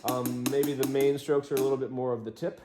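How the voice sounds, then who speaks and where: With a brisk, mid-range voice, a man teaches drums casually, counting beats out loud while he plays. The roomy studio recording has loud drums and music behind him.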